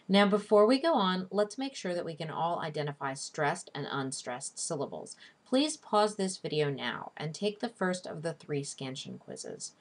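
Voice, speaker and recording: A woman instructor giving a recorded online lecture, teaching in a clear, deliberate way and slowing down to stress syllables. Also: low-pitched. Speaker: literature instructor.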